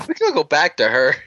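Bright-voiced man telling a rambling story. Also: a little high, no room sound. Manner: rambling, with many fillers and restarts; chuckles as he tells the story. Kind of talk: casual storytelling chat. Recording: dull lo-fi dry recording.

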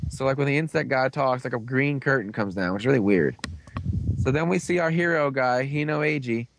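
A young man hosting a casual chat, rambling through a recap with lots of fillers and quick put-on voices for the characters. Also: mid-range voice, expressive, a little hiss or hum. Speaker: podcast host recapping a show.

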